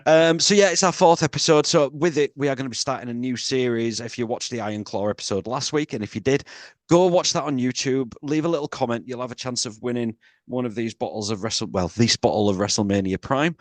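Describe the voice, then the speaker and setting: A man's voice: mid-range voice, quick pace, dry recording. Joking British-podcast-style male host, dry. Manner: joking, teasing, rambling. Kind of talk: casual podcast chat.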